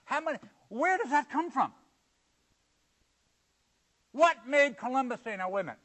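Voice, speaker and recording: A male preacher in full sermon mode, his voice pitched high and ringing bright. He jumps from loud, forceful emphasis to hushed, low asides. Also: animated, moderate pace, poor audio.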